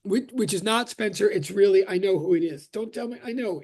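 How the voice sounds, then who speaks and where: Chatty professor with a high, gravelly voice. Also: male voice, fairly quick, hardly any pauses, a little mellow. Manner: chatty, self-interrupting, joking. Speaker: physics professor. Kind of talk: casual online lecture greeting. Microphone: video call.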